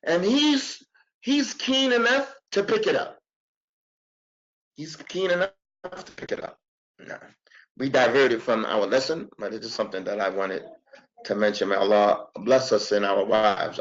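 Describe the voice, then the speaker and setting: A man teaching a religious class, animated, repeating himself and acting out quotes. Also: mid-range voice, highs cut off. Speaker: Arabic teacher.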